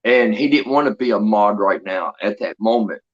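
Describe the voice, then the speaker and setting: A man's voice: on the low side, animated, moderate pace. A man chatting casually on a livestream, laughing often as he tells rambling stories. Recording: dull lo-fi stream audio.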